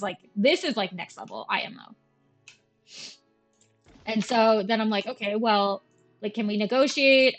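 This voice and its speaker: A young Canadian woman, a gaming streamer, chats casually while playing, telling a slang-heavy story and acting out every voice on both sides of the conversation. Her voice is mid-range with a fairly bright tone.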